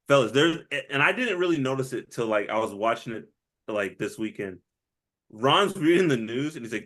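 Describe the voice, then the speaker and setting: A man's voice: a little high, normal speed. Guy on a movie podcast, laughs a lot, does the lines. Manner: animated, laughs often, acts out movie quotes. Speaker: podcast co-host. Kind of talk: casual movie review chat.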